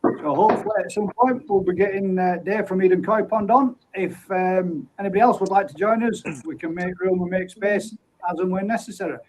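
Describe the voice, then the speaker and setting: A man's voice: high voice, a little fast, darkish tone, low-quality recording. A man hosting a casual live stream, reading out viewer comments and greeting each person by name in an easygoing, friendly way. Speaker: livestream host.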